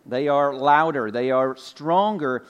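Folksy Georgia-raised pastor in a reverberant church. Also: male voice, mid-range voice, slow pace, clean tone, dull audio. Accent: light Southern US, Georgia. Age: 40s. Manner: conversational, folksy, with fillers and asides. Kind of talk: sermon. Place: church sanctuary.

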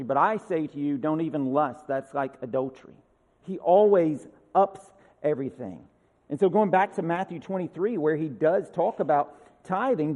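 A man delivers a sermon with a slightly higher-pitched voice. He talks conversationally, tossing in asides and rhetorical questions. His voice rings out with a long reverb, as in a large hall. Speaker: pastor.

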